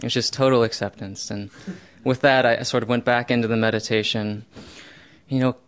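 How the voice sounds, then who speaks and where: A young man telling a first-person true story in a self-mocking way, with loud bursts when he voices his own panic. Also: mid-range voice, fairly even intonation, moderate pace, smooth.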